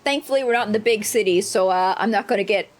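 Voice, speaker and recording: A woman streaming herself playing a video game, commenting casually and excitedly, joking and swearing freely. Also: medium pitch, quick pace.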